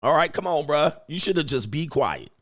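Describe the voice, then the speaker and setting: Guy roasting folks on his show, aave slang, kinda high voice, dry close mic. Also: very animated, normal speed, dry recording. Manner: loud, mocking, laughing trash talk. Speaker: show host. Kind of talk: casual commentary monologue.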